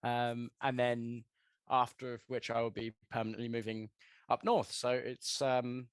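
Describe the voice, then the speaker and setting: A man's voice: mid-range voice, flat delivery, a little slow, clear, resonant tone, no echo. A man from England talking casually with friends on a podcast. He rambles along in a chatty way, and his voice is recorded close and dry. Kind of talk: casual group chat.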